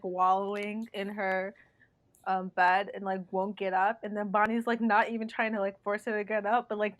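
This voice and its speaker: A woman's voice: mid-range voice, no echo. A woman on a podcast chatting eagerly and agreeably, with "like" and "um" fillers. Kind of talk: casual chat.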